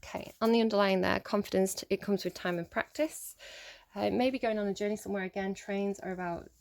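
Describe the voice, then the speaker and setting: A woman's voice: medium pitch, fairly even intonation, fairly quick, vocal fry, a little hiss or hum. Rambling, chatty woman reading tarot. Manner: rambling, chatty, with frequent fillers and laughs. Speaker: tarot reader.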